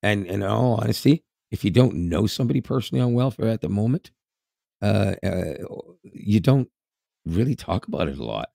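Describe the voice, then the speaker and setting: A man's voice: on the low side, lively intonation, fairly quick, gravelly, mellow, no room sound, studio quality. A Canadian man in his fifties with a Canadian accent, co-hosting a podcast in casual, rambling chat with frequent laughs. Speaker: podcast co-host.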